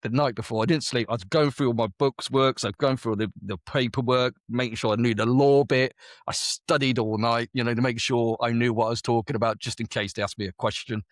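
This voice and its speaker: A man's voice: mid-range voice, fairly even intonation, a little fast, no room sound. A man on close mic, a guest telling a story in a casual interview, chatty and repeating words as he goes. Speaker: guest, veteran business owner.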